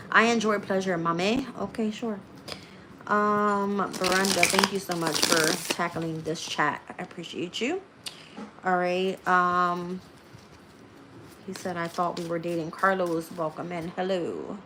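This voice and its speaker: A woman's voice: lowish voice, fairly even intonation, measured pace, very noisy. A woman reading tarot on a live stream, chatting loosely with her viewers, laughing a lot and swearing freely. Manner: talks loosely with slang.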